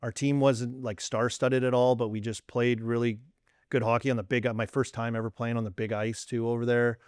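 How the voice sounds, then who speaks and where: Animated Canadian former athlete telling stories. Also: male voice, mid-range voice, a little fast, smooth, no echo, clean studio sound. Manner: animated storyteller, acts out quoted dialogue. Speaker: former hockey player, guest. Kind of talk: casual storytelling chat.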